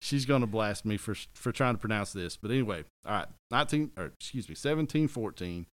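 A middle-aged man with a fairly low, expressive voice chats casually on a podcast, talking a little fast on a dry recording. He rambles, corrects himself, and cracks jokes as he goes.

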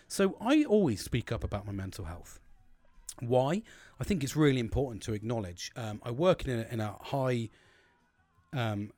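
A British man speaks in a plain, mid-range voice, cursing freely as he rambles through a candid personal monologue. His delivery turns forceful and preachy when he hands out advice, and the recording is dry and close. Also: medium pitch, dry recording. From United Kingdom. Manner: blunt, sweary and rambling, with frequent restarts; gets emphatic and preachy when giving advice. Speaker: vlogger.

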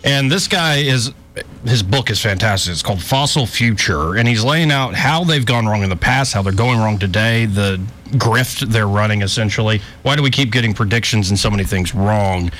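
A man's voice: fairly low pitch, moderate pace. A man hosting a talk radio show, chatting casually and joking around while he sets up clips. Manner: lively, jokey, slips into mock voices.

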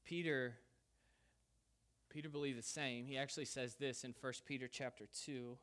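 A man preaching a sermon, casual and conversational, with an animated delivery. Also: medium pitch, moderate pace. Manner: lively, conversational preaching with Southern "y'all". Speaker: pastor.

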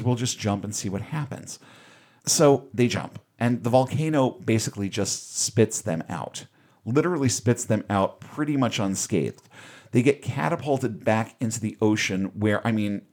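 A man's voice: on the low side, a little mellow. A man casually retelling a movie's plot on a podcast, wry and offhand, with the odd swear. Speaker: podcast host recapping a film. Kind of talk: casual recap chat.

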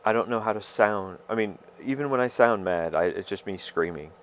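A man talking straight to his viewers in a rambling personal monologue, halting and stammering as he searches for his words. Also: fairly low pitch.

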